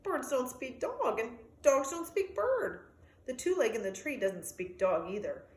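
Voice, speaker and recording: A woman voicing a friendly young male dog, anxious but kind, in a lively storybook reading with sound effects. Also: high-pitched, unhurried, reverberant. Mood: urgent.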